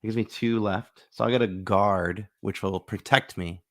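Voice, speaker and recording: Gravelly man narrating a tabletop playthrough. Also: on the low side, fairly even intonation, normal speed, a bit bright. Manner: chatty, thinks aloud, acts out little bits. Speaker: board game host. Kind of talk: casual solo board game playthrough.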